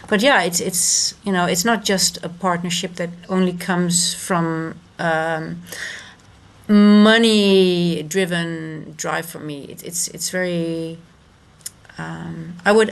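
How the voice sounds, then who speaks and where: Woman, live-stream trader, low gravelly voice, halting, restarts. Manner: rambling, halting, many restarts and fillers. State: moved and emotional. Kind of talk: casual live-stream chat.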